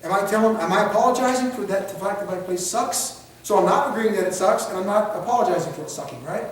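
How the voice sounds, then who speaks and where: High-voiced man lecturing in an echoey room. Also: slight background noise. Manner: conversational, asks the class rhetorical questions; acts out quick street scenarios in quoted voices. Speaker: instructor. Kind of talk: classroom lecture. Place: training classroom. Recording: echoey room, picked up from a distance.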